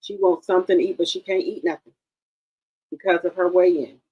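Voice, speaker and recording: A woman hosts a casual gossip commentary, reacting to a clip with animated, opinionated remarks. Her voice sits a little low for a woman. She often breaks into exclamations. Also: a little fast, breathy edge, highs cut off. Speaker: commentary channel host.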